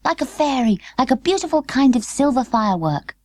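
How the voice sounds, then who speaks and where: A woman's voice: high voice, sing-song, brisk, darkish tone, no room sound, studio quality, pitched above the performer's own voice. A woman voicing a small girl who speaks bluntly and earnestly. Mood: indignant. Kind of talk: audiobook character voice.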